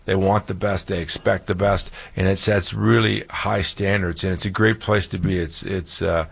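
A man with a very low, gravelly voice and a husky edge to it. He is a hockey general manager speaking at a press conference, and he tells his story in an enthusiastic, rambling way. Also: little pitch movement, moderate pace, a bit bright.

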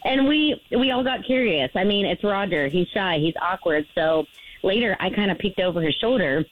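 A woman's voice: mid-range voice, lively intonation, moderate pace. A woman in her late twenties calls in to a radio show, crying and apologizing as she tells a long rambling story. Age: late 20s. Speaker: caller. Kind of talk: radio call-in confession. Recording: tinny phone line.

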